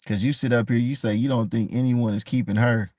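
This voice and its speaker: A man's voice: medium pitch, fairly even intonation, brisk, darkish tone, no room sound. Dry-voiced male streamer chatting. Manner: addresses the chat by name, repeats himself, passionate. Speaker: live stream host. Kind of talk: casual live-stream chat.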